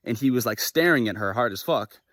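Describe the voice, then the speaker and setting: A young man tells a casual vlog story in a lively, animated way and swears freely as he acts out each quoted voice. His pitch sits in the middle. The recording is dry and close, with no room sound. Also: fairly quick, no echo. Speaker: vlogger. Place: living in Japan.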